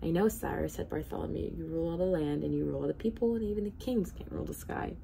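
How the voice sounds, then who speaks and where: A woman's voice: low-pitched, quick pace, creaky, mellow, a little hiss or hum. A woman doing an anxious young page boy. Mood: worried. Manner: anxious, pleading.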